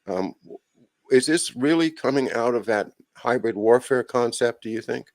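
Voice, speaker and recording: A man hosting an interview, asking long questions in a halting way, with many fillers and restarts. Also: mid-range voice, expressive, no echo. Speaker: host.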